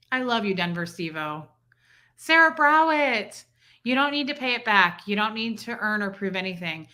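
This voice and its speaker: Bright-voiced woman thanking livestream viewers. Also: mid-range voice. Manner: effusive, thanks viewers by name. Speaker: livestream host. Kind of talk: casual livestream chat reading donations.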